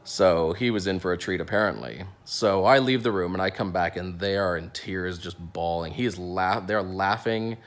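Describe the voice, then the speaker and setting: A man's voice: sits low, moderate pace, hardly any pauses. A young man, a dentist, casually telling a funny story from work, acting out what people said with lots of restarts and fillers. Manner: animated, acts out quotes, many restarts and fillers.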